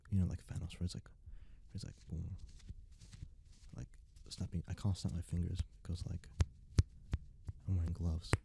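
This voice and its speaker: A young man rambling in a soft-spoken ASMR style, close to the mic, filling his talk with "like". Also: deep voice, creaky, heavy background noise. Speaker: ASMR creator.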